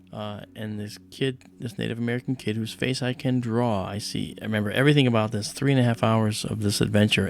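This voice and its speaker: Speaking in a lowish, creaky voice, a man on his livestream tells a personal tale with plenty of energy. He keeps things casual and performs the voices of everyone involved.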